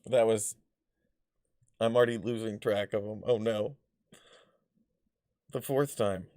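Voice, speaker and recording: A man's voice: fairly low pitch, steady tone, takes it slowly, warm tone, dry recording, studio quality. A man vlogging personal stories in a casual, rambling way, full of fillers, restarts and blunt swearing. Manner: rambling, filler-heavy, loses his thread.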